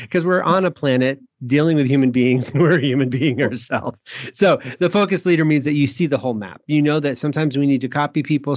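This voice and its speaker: A man from Maine speaks as a podcast guest at a middle pitch. He talks reflectively, often restarting his sentences and giving small laughs. The sound is dry and close, with no room echo. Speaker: author and guest. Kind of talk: podcast interview.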